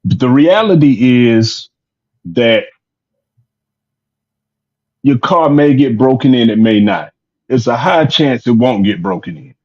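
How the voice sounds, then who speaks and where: A man in a casual discussion, laying out his point in a measured way and repeating words as he builds it. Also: medium pitch, animated, darkish tone, highs cut off.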